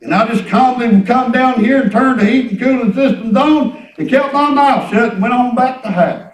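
A man's voice: extremely high pitch, normal speed, roomy sound, far from the mic, low-quality recording. A man preaching a sermon in a folksy storytelling way, acting out conversations. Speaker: pastor. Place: church hall.

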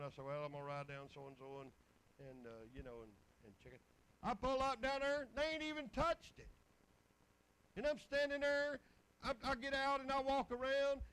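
A man's voice: very high-pitched, fairly bright tone, rough recording. A middle-aged man, preaching a folksy, rambling testimony full of scripture. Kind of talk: sermon.

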